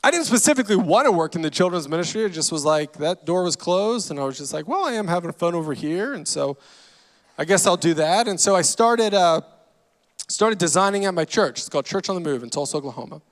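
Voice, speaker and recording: High-voiced man telling comic stories. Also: lively intonation. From Louisiana, USA. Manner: self-deprecating, with dry punchlines and quick asides. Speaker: guest comedian and storyteller. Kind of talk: comedic storytelling from a church stage. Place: large church auditorium. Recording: long hall reverb.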